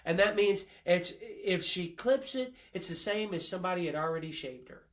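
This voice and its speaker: Emphatic high-voiced male Bible teacher. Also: lively intonation, normal speed. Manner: emphatic, quotes sources, frequent uh fillers. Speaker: Bible college professor. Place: classroom.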